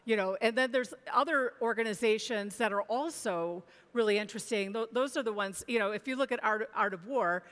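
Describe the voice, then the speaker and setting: A woman's voice: a little high, brisk, hardly any pauses, fairly bright tone. A woman analyst speaking on a conference panel, thoughtful, with many restarts and fillers. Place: conference stage. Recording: long hall reverb.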